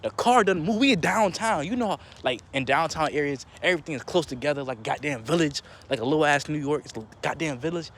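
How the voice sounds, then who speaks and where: A young man telling a casual story in a slangy, animated way, jumping into higher voices for quotes. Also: quick pace, few pauses, slight background noise.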